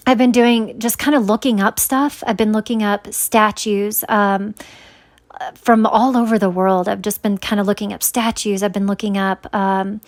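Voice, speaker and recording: A woman's voice: medium pitch, steady tone, normal speed. A woman telling a personal story in a casual, rambling way, full of fillers and restarts, earnest and searching for words. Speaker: vlogger sharing a dream.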